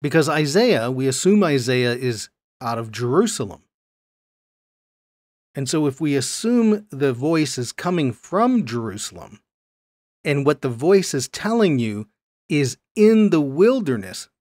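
Male Bible teacher, mid pitch, explanatory lecture delivery, dry close sound. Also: big pitch swings, a little slow, a little mellow, no echo. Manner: explanatory, stresses key words, reads verses aloud.

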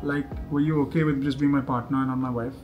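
A man speaking fast and playfully, teasing and joking as the host of a relaxed chat. Music plays clearly under his voice. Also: mid-range voice. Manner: joking and teasing, quick-talking. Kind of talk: casual chat.

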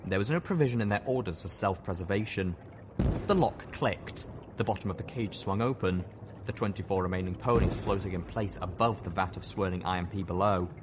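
A man's voice: low voice, a little fast. A man reading a fan novel aloud as an audiobook, in intense first-person narration. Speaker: audiobook reader. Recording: noisy with battle sound effects.

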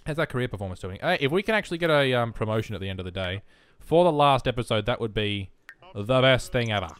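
A man's voice: medium pitch, lively intonation, quick pace, clean tone, no echo. A young man giving casual, self-mocking let's-play commentary, chatting to the game as he plays. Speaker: gaming video host.

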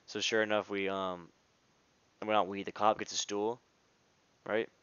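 A man's voice: on the low side, level tone, moderate pace, pauses often, a bit bright, smooth, no room sound, muffled recording. Rambling young man telling a story. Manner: rambling, full of "like" and restarts, slangy. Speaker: vlogger. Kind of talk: casual storytelling vlog.

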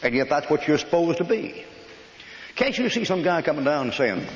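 An older American preacher telling blunt, folksy army stories in a sermon, scolding and emphatic. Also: male voice, a little high, sing-song, normal speed, slight background noise. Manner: folksy storytelling with rough army anecdotes. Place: church hall. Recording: echoey hall, dull old recording.

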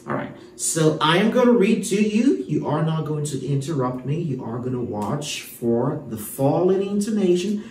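A man's voice: medium pitch, a little mellow, recorded from a distance, slight background noise. A man teaching a homeschool English lesson to children, emphatic and full of rhetorical questions. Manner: emphatic, rhetorical questions, frequent "all right". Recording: echoey room, voice from off-mic.

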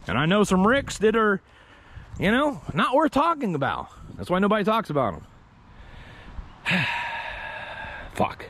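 A man's voice: high-pitched, big pitch swings, normal speed, long pauses, fairly bright tone, a little hiss or hum. A man vlogging outdoors, joking crudely, rhyming on the fly and talking to himself as he explores. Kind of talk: casual off-the-cuff vlog with freestyle rhymes. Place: outdoors in an open area.

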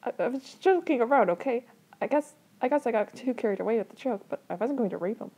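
A woman's voice: a little high, animated, fast talker, dark tone, breathy edge, voice pushed up. A woman voicing a crude young man who defends his bad joke and mocks the others in a fan story reading. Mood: defensive. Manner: defensive, mocking.

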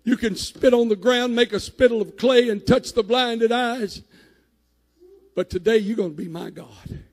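A man preaching a sermon in a church, shouting at his peaks and dropping low in between. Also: measured pace, long reverb tail. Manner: rising to shouted climaxes, then dropping low. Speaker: pastor. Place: church sanctuary.

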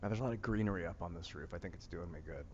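A man's voice: low voice, racing, a little mellow, long reverb tail, dull audio, a little hiss or hum. A man with a Northeast Ohio accent, vlogging in a musing, meandering chat full of fillers and restarts, outdoors on a rooftop. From Northeast Ohio, USA. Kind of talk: casual rambling monologue. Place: outdoor rooftop among plants.

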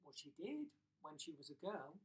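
A man's voice: fairly high pitch, very animated, moderate pace. Gossipy village shopkeeper, knowing tone, a man putting her on, distant mic.

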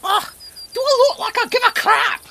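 A woman's voice: very high voice, normal speed, bright, forceful tone, full character voice. A woman voicing a rude, snippy Easter Bunny in a comedy musical. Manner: snippy, blunt.

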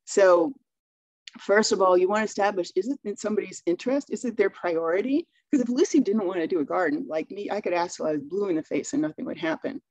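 Chatty middle-aged woman with a mellow voice. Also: medium pitch, animated, quick pace, lo-fi sound. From Maine. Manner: chatty storytelling, acting out dialogue. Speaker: speaker. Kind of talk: webinar talk.

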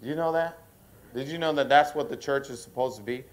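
A man preaching as a pastor at a church service, often asking the congregation to answer back and slowing down to stress key points. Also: mid-range voice. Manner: call-and-response preaching, asks the congregation to affirm; slows down and rises in force for emphasis. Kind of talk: sermon.

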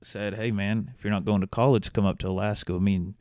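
A man's voice: lowish voice, fairly even intonation, fast, a little mellow, dry recording, studio quality. A young man, an actor guest, telling his story in a casual, easygoing interview chat. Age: young adult.

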